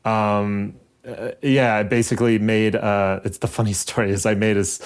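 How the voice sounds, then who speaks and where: A man's voice: fairly low pitch, level tone, moderate pace, clean tone. A man, a filmmaker guest on a podcast, chatting in an easygoing way with fillers and small laughs. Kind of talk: casual podcast conversation.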